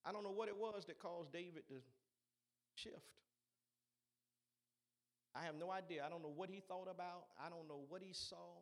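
A man's voice: high-pitched, steady tone, moderate pace, long pauses. A man preaching a sermon in an emphatic, repetitive way, urging his listeners on.

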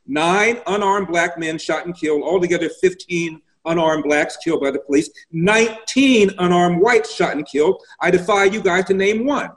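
Male guest commentator, emphatic, stat-heavy, slightly high voice. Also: low-quality recording. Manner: emphatic, rattles off statistics. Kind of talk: political interview.

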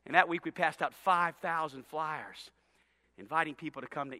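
A male pastor telling a story in a sermon, animated and repetitive, swinging from hushed to loud. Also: on the high side, normal speed. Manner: animated, repeats words, swings from hushed to shouting. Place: church sanctuary. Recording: long hall reverb in a church.

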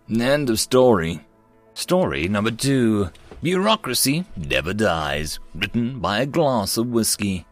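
A man narrating science fiction stories in an expressive, varied storytelling manner. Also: fairly low pitch, unhurried, soft background music.

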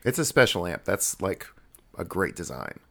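A man with a low, gravelly voice talks as a guest musician on a radio show. He is low-key and dry, and his answers come out a bit mumbled. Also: big pitch swings, moderate pace, fairly bright tone. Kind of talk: casual interview chat.

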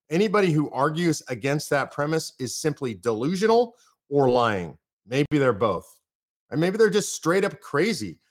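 Man, podcast host, political commentary, emphatic, fired up, repeats phrases for emphasis. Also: a little high.

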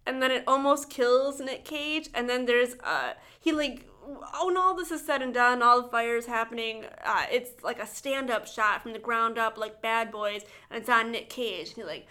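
A woman's voice: on the high side, moderate pace, hardly any pauses, sharp tone. A woman co-hosting a podcast, animatedly recapping a film with laughter and swearing. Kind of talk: casual chat.

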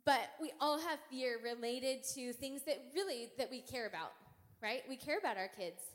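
A woman in her thirties preaches in a relaxed, chatty way, leaning on "right?" and "like" as she goes. Her slightly high voice rings out with a long reverb from the church hall around her. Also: normal speed. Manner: casual and animated, frequent "right?" and "like"; playful storytelling with comic exaggeration. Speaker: church speaker. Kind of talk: sermon. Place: church sanctuary.

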